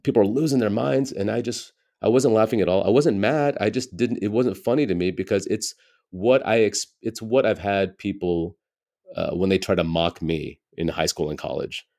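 Man in his forties, American, very low voice, mellow, candid and reflective. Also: normal speed, creaky. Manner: candid, reflective storytelling with frequent "you know". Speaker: stand-up comedian, guest. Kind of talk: casual interview conversation.

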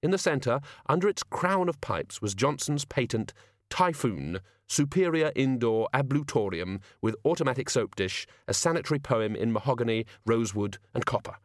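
A man narrating a comic fantasy audiobook in a wry, expressive storytelling manner. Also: medium pitch, dry recording, clean studio sound. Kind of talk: scripted narration.

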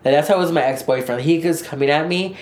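A man's voice: a little high, fast, a little mellow. A man co-hosting a podcast in a casual chat, blunt and swearing freely, often acting out what others said. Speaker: podcast co-host. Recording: roomy echo.

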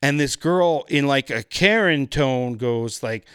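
A man telling stories as a podcast guest, animated and profane, acting out the people in his stories. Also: on the high side, moderate pace, few pauses, clear, resonant tone, dry recording, studio quality. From Canada. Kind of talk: casual storytelling.

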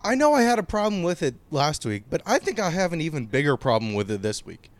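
Lively high-voiced young man ranting. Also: fast. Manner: excitable, profane, incredulous. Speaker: podcast co-host. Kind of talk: casual chat.

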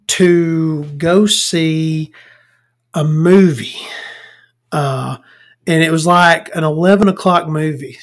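A woman's voice: sits low, husky. A woman hosting a podcast, talking in a casual, rambling monologue that is full of swearing and stumbles. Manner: rambling and profane, stumbling over words. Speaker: podcast host.

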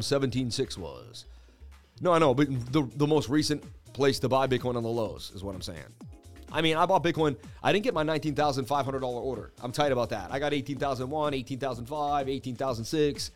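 A man in his thirties hosting a crypto trading livestream, rambling through charts in casual chat and laughing at his own jokes. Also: medium pitch.

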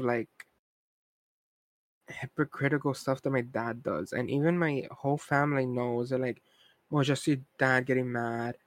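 A man's voice: medium pitch, dry recording. A young man co-hosting a podcast, talking in a casual, frustrated rant full of "like" and asides. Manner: frustrated ranting, heavy use of "like". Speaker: podcast co-host. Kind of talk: casual chat.

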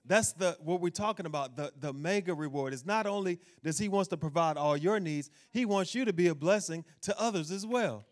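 A man with a high-pitched voice delivers a sermon as pastor. He preaches animatedly, turning to speak to the people watching online. He reads scripture out loud with strong emphasis. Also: a little fast, hardly any pauses.

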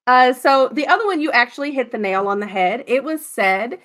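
A woman's voice: sits high, fairly quick, fairly bright tone. A woman co-hosting a casual chat, telling ghost stories in a joking, chatty way. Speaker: podcast co-host.

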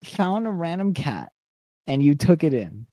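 Young dude, kinda high voice, jumps all over in pitch, jokes around. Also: male voice, a little slow. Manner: animated, joking interjections, slangy. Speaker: podcast co-host. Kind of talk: casual chat.

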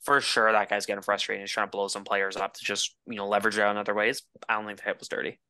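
A man's voice: on the low side, completely flat delivery, very fast, bright, forceful tone, clear, resonant tone, dry recording. A man co-hosting a hockey podcast in casual chat, emphatic and full of "like" and "dude". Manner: emphatic, filler-heavy, says "dude" and "like". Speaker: podcast co-host.

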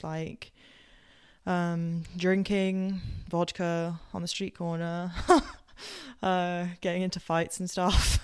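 A woman with a posh southern English accent hosts her podcast and tells personal stories. Her voice sits a little low and has a strong vocal fry. She rambles along with plenty of fillers and self-corrections. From Southampton, England. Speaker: podcast host. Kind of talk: casual personal storytelling.

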